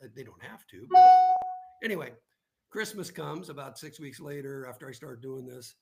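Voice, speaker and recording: Guesting on a live show, a man tells personal stories in relaxed conversation, often tagging lines with "right?" His voice is creaky, medium-pitched and at normal speed, with faint music in the background.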